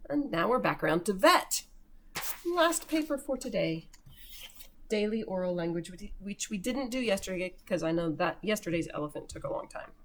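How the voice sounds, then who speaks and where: A woman teacher giving a recorded remote lesson to young children, slowly sounding out words for early readers. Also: mid-range voice, lively intonation, a little hiss or hum.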